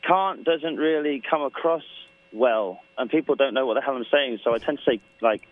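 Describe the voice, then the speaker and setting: A man's voice: medium pitch, a little fast, no echo. An English man talks casually in an interview, joking and rambling through his stories. His voice comes through dry, close and tinny, the way a phone line sounds. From England. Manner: joking, storytelling, loose and rambling. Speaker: guest musician.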